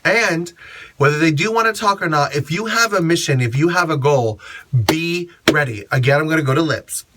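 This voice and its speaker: A man's voice: on the high side, normal speed, noisy background. A man who performs as a drag queen, giving blunt, sassy advice in a casual vlog monologue and swearing freely.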